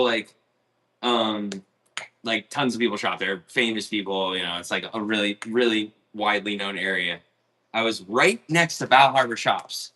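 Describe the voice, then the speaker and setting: A man's voice: mid-range voice, pushed and bright. A man who works as a baker, telling stories casually on a livestream in a rambling, candid way, full of fillers, laughs and the odd swear word. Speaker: baker and video host.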